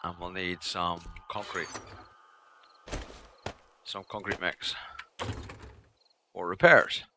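A man's voice: low voice, fairly even intonation, takes it slowly, background noise. A man streaming a game live, chatting casually with his viewers in a rambling way that repeats itself.

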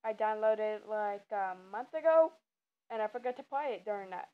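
A woman's voice: medium pitch, animated, moderate pace, clear, resonant tone. A woman giving casual, rambling commentary while playing a game, stumbling over her words with lots of ums. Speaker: gamer. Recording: muffled lo-fi, faint game music.

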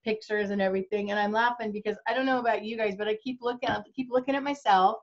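A woman's voice: medium pitch, fairly even intonation, quick pace. A woman on a video call talking candidly and with self-deprecating humor. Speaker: forum guest. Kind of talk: casual video call chat. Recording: muffled lo-fi video call audio.

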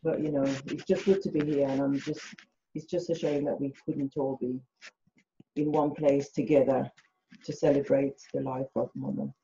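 English-accented woman, dark and gravelly, hesitant; lo-fi call. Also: extremely low pitch, little pitch movement, moderate pace, slight background noise. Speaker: relative on a family call. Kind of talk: casual remarks on a video call. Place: home late at night. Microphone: video call. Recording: dull lo-fi video call audio.

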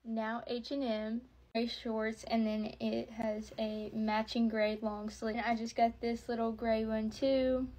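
A woman casually showing off her shopping haul, listing items quickly and gushing about how cute they are. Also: on the high side, little pitch movement, a little mellow, rough recording. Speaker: haul vlogger.

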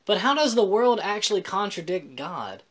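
A man's voice: high-pitched, sing-song, moderate pace, a bit bright. A man on a casual Christian vlog who explains scripture in plain words and mixes in joking, self-deprecating asides. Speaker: Christian vlogger. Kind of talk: casual faith vlog talk.

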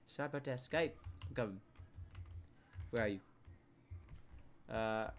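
A young man giving casual commentary over a game he plays, mumbling to himself one moment and shouting the next. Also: medium pitch, measured pace, long pauses. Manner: excitable, jumps from mumbling to loud outbursts. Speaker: gameplay commentator. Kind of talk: casual let's play commentary.

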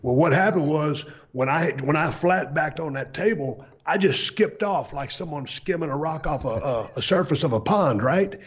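A middle-aged man hosting a podcast, explaining a story in a relaxed, plainspoken way. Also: a little high, moderate pace, hardly any pauses, slightly rough, highs cut off. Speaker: podcast host. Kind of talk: casual storytelling chat.

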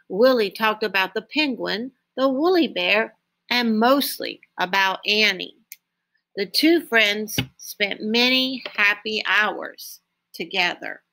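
A woman reading a children's picture book aloud in a slow, expressive storytelling manner. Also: fairly high pitch. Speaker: storybook reader.

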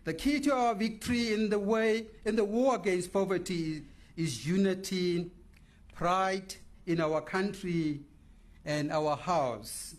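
A man delivering a formal eulogy speech in a measured, oratorical manner. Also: high voice. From Namibia. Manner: measured, oratorical, lists words with pauses. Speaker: memorial speaker.

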